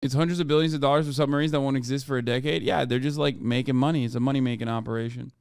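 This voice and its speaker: A man's voice: mid-range voice, fairly even intonation, very fast, gravelly, smooth, no room sound, studio quality. A man in his thirties ranting loosely and profanely as he reacts to the news on his livestream. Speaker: streamer. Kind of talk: casual livestream commentary.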